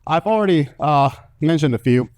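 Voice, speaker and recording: A young man from the American South with a Southern accent, doing a stand-up comedy set before a live audience with lively storytelling. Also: a little high, moderate pace. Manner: animated, lively storytelling with acted-out voices.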